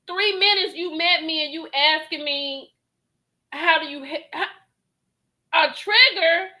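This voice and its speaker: A woman hosting a reaction video, giving animated commentary on a reality show, laughing and talking straight to her viewers. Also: very high-pitched, slow pace, pauses often, rough recording.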